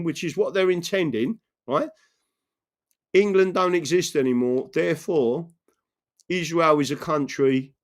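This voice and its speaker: Rambling man livestreaming to his viewers. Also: a little high. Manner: rambling, earnest, keeps asking "right?" to the chat; reads out and answers viewer messages. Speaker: political livestream host. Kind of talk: live-streamed political monologue.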